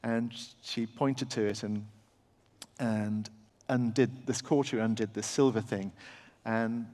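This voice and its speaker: A middle-aged English surgeon telling a halting, self-deprecating story on a festival stage, full of fillers and restarts. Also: male voice, lowish voice, steady tone, darkish tone. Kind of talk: live anecdote at a festival talk. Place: large festival venue with audience. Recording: long hall reverb from a big venue.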